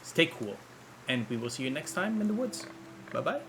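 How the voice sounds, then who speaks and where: A man narrating and running a tabletop game as game master, in a slow, relaxed, descriptive manner. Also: a little high, a little hiss or hum.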